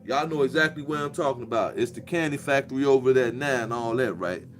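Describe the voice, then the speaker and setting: A man's voice: mid-range voice, quick pace, faint music behind. A man, delivering a profane, preachy monologue with a mocking edge. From Chicago. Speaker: commentator. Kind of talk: casual monologue.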